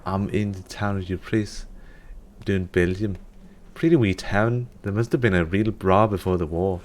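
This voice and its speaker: A man voicing a cheery male Scottish soldier in a put-on Scottish accent, reading a letter home in a loud, hammy way. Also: low voice, fairly even intonation, unhurried. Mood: hearty.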